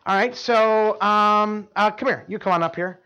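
A man delivers a sermon in a notably high voice, pulling volunteers up to act out his point. He talks in an animated way, doubling words and restarting sentences, and tosses quick asides to his listeners. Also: clear, resonant tone, dull audio. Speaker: preacher. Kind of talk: sermon with live volunteer demonstration.

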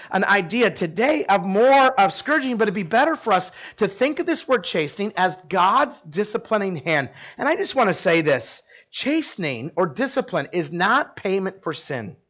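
A male pastor preaches conversationally to a live church congregation, regularly asking them questions and filling gaps with "like." His high-pitched, slightly bright voice swings widely in pitch at a moderate pace with few pauses, and the recording's highs are cut off.

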